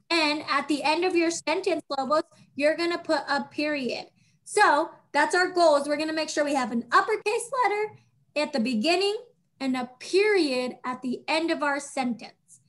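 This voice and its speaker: A woman teaching young children over a video call, patient and encouraging, speaking slowly and clearly. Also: sits high, a bit bright.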